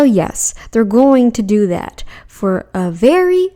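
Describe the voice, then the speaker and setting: On her commentary channel, a woman reacts bluntly and argumentatively, often mocking people and parodying their voices when she quotes them. Her warm, high-ish voice swings widely in pitch, and she talks a little slowly with few pauses.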